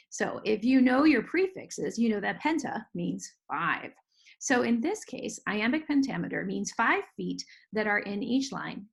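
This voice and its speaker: A woman teaching a music lesson for children, who explains clearly and patiently and sounds out rhythms of words. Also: fairly high pitch.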